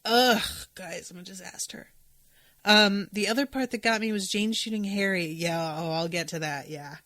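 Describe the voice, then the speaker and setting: A woman's voice: medium pitch, moderate pace, pushed and bright, no echo. A woman hosting a podcast, talking casually and emotionally about a show she loves, sometimes getting choked up. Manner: emotional, gushing, choked up at times. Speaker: podcast host. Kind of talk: casual chat.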